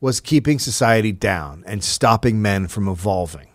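Guy telling a story on a comedy podcast, lively pitch, dry room. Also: moderate pace, no room sound. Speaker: podcast host. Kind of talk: comic storytelling.

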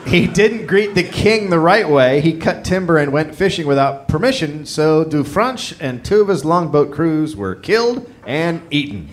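A man's voice: on the high side, big pitch swings, moderate pace, hardly any pauses. Man reading history notes to a live crowd. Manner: reads notes, breaks off to joke and yell. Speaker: co-host reading the story. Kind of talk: live comedy podcast narration. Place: live stage before an audience. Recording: live show, audience noise behind.

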